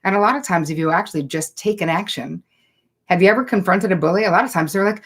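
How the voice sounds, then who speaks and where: A woman's voice: medium pitch, fast talker. A woman psychotherapist hosting a live online Q&A, talking in a chatty, direct way and reading viewer comments aloud. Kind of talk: live-streamed Q&A, casual and direct.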